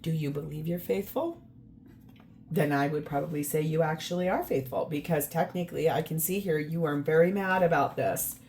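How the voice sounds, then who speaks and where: A woman's voice: sits low, normal speed, darkish tone, slight background noise. A woman giving a casual tarot reading to camera, emphatic and exasperated, often repeating words for stress. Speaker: tarot reader.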